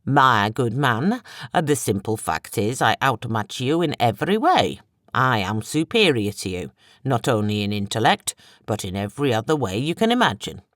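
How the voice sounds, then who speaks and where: An audiobook narrator voicing an arrogant male villain colonel with an Italian-like accent, speaking slowly in a condescending, drawn-out way. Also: mid-range voice, sing-song, a bit bright, no echo, clean studio sound. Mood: haughty.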